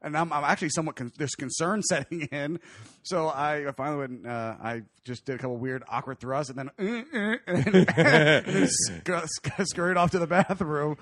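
A man's voice: fairly high pitch, normal speed, a bit bright, dry recording, clean studio sound. A man hosting a crude casual chat, reading quiz questions and telling rambling stories with frequent laughter. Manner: laughs often mid-story, loose and rambling.

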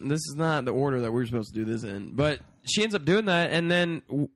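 A man's voice: fairly high pitch, fast, no room sound, clean studio sound. A young man casually telling a crude story among friends, rambling, swearing often and laughing as he goes.

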